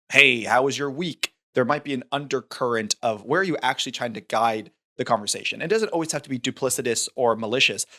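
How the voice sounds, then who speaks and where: A man's voice: medium pitch, bright, forceful tone. A man co-hosting a movie podcast, talking things through in a thoughtful, rambling way with restarts. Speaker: podcast co-host. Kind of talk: casual film discussion.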